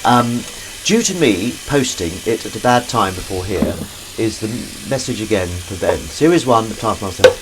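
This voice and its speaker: Man, low voice, very lively pitch, rambling chat, clattering kitchen noise behind. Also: normal speed. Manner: rambling, self-correcting, chatty asides to viewers. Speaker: live stream host. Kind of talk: casual chat while washing up. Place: home kitchen. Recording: loud sink and kitchen noise.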